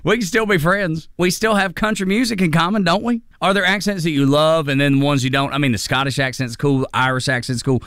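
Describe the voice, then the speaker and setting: A man's voice: a little high, brisk, hardly any pauses, fairly bright tone, no echo, clean studio sound. Folksy Appalachian man on the radio. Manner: folksy and plainspoken, talking straight to listeners. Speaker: country radio host. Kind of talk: casual radio chat.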